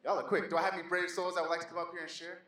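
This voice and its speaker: A man's voice: high-pitched, level tone, rapid-fire, sharp tone. A man speaking to a youth camp crowd, hyping them up and calling people up on stage. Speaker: workshop speaker. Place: large hall with an audience. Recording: echoey hall, distant, faint crowd.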